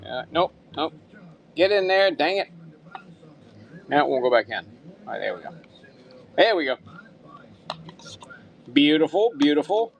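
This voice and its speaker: A man's voice: fairly high pitch, very animated, unhurried, creaky, pauses often. A man hosting a live-stream auction, upbeat and thanking buyers by name, sometimes muttering to himself as he handles items.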